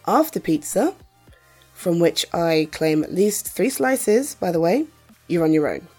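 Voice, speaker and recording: A woman's voice: lowish voice, big pitch swings, darkish tone, faint music behind. A woman, acting a confident, wealthy mother who teases and flirts in a listener-directed audio role-play. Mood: playful, bossy. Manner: teasing, self-assured, slow and playful.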